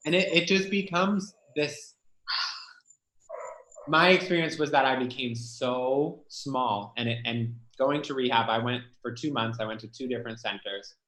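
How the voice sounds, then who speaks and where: A man's voice: mid-range voice, measured pace, fairly bright tone, roomy sound, a little hiss or hum, rough recording. A man speaking as a guest, telling his own story candidly and emotionally, full of "like" and the odd swear word. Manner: emotional, confessional, heavy filler "like", swears.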